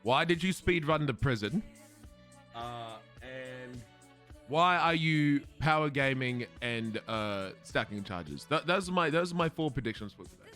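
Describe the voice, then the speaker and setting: A young man with an Australian accent talks to his stream viewers in a loose, chatty way. His voice is bright and swings up and down, and now and then he swears and laughs at himself. Faint music plays under his talk. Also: mid-range voice, lively intonation, unhurried. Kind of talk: casual chat with stream viewers.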